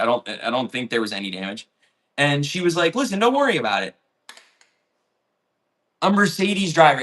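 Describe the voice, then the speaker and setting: Bright-voiced, rambling young baker man. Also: mid-range voice. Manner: rambling and candid, with lots of fillers, laughs and swearing. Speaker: baker and video host. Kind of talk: casual storytelling livestream.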